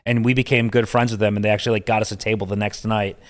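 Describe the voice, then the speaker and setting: A man's voice: on the low side, little pitch movement, rapid-fire. A man from upstate New York, a poker player guesting on a podcast, talking in a loose, rambling way full of filler words. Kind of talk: casual podcast chat.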